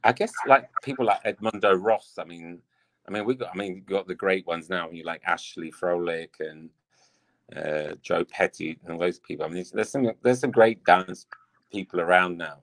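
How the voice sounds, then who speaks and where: A man's voice: deep voice, normal speed, fairly bright tone. A man from England, a dance teacher and coach, chatting casually as an interview guest, rambling with lots of "I mean".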